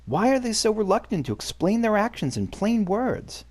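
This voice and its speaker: Guy doing an annoyed young woman from a game, gruff, pitch jumping around. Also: sing-song, normal speed, a little mellow. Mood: frustrated. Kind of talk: reading game dialogue aloud.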